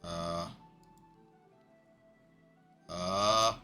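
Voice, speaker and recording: A man's voice: deep voice, fairly even intonation, extremely slow, pushed and bright, faint music behind. A man streaming a game, chatting casually to viewers, flustered and swearing freely as he talks to himself. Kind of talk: casual gaming livestream chat.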